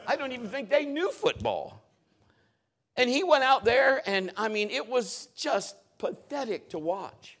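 Animated middle-aged male preacher. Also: very high voice. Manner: animated storytelling, acting out voices and shouting at peaks. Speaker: pastor. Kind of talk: sermon.

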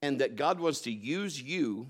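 A man preaching a sermon, telling stories and swinging between loud emphatic bursts and quiet low asides. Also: lively intonation, a little slow.

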